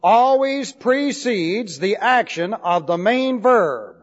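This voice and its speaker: A man's voice: sits high, expressive, slow pace. A man teaching Bible Greek grammar in a classroom lecture, emphatic, repeating points and spelling out key words. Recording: dull lo-fi recording with long hall reverb.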